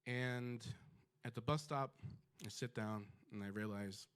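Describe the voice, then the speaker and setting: A man telling a personal story on stage, conversational and lively, with many ums and you-knows. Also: medium pitch, measured pace, clean tone. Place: storytelling stage before an audience.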